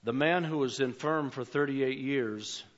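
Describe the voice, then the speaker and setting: An older man preaching a sermon as pastor, swinging between emphatic calls and quiet asides. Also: medium pitch, a little slow, muffled recording.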